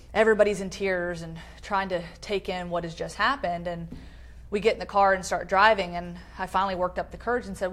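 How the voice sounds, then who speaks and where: A woman in her thirties, an interview guest, telling a personal story in an earnest, halting way with many fillers, on a low-quality live-stream video.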